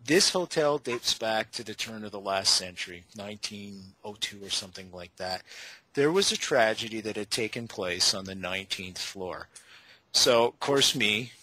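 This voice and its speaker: A Canadian man hosting a paranormal talk show, telling stories in an animated way and addressing his listeners as folks. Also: fairly low pitch, normal speed, breathy edge, no room sound, poor audio. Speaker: radio show host. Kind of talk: casual chat.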